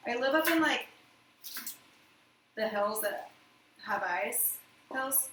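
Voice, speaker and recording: A woman's voice: a little high, animated, slow pace, fairly bright tone. Chatty woman cooking at home on a live stream. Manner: chatty, rambling, talks to viewers while cooking. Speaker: live cooking show host. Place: home kitchen. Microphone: phone set back from her. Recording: roomy echo, distant mic, clear background noise.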